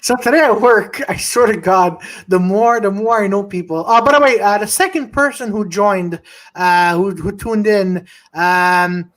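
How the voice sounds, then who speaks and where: A man with a high voice speaks a little slowly while co-hosting a live podcast in casual live-stream chat. His rambling story is full of swearing and restarts, and he breaks off mid-story to shout out viewers.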